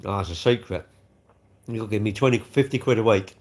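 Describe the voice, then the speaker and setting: A man's voice: lowish voice, brisk, darkish tone. A man hosting a casual livestream, chatty and rambling, often chuckling as he talks. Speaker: livestream host. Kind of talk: casual live chat eating cake.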